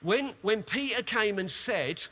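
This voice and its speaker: A man preaching a sermon, retelling a parable with animated, emphatic storytelling and quick repetitions. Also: high voice, breathy edge.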